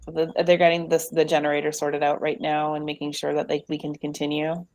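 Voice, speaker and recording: A woman hosting a livestream in a casual, chatty way, greeting viewers and reading out contact numbers slowly. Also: sits low, monotone, darkish tone, no echo. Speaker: livestream host. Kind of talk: casual chat.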